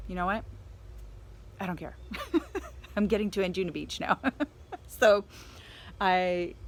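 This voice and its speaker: Lady telling a travel story, keeps laughing, acts out the people she talks about, mid pitch. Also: a bit bright. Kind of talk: personal travel story told to an audience.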